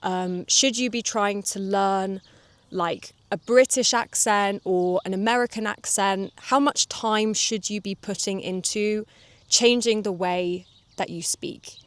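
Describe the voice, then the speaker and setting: A woman hosting a relaxed English-learning podcast, explaining things calmly and drawing out her vowels. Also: medium pitch, takes it slowly, no echo. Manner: calm, explanatory, draws out vowels. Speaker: English teacher and podcast host.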